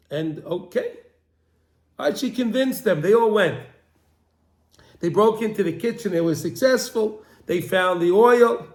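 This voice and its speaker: A man who teaches religion, telling a long story in a halting way and repeating phrases again and again. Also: high voice, expressive. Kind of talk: storytelling lesson. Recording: roomy echo.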